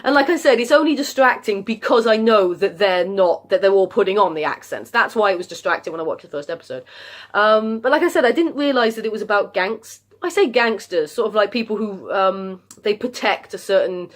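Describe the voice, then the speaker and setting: A woman's voice: mid-range voice, lively intonation, fairly quick. Rambling woman chatting about TV. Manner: rambling, many fillers and restarts. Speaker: vlogger. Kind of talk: casual chat about TV shows.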